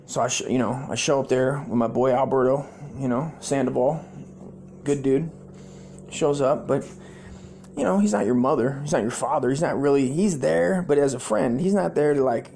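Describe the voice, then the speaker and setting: A former sailor hosting a comedy podcast, telling a long story in a rambling, heavily profane way and acting out the people in it. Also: male voice, medium pitch, normal speed, gravelly, slight background noise. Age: adult, former sailor. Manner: profane, rambling, animated quoted voices.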